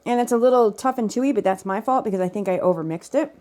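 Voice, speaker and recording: Fast-talking and mellow, a woman with a medium-pitched voice narrates her home cooking from off camera. She's a vlogger whose chatter is casual and self-teasing, and she talks between tastes, picked up by the camera's microphone.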